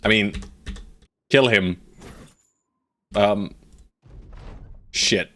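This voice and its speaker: A man with a lowish voice gives relaxed, playful commentary over a live strategy game. He talks at an easygoing pace and jokes with his viewers. He barks orders at his units and swears casually along the way. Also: very slow. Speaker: streamer playing a strategy game.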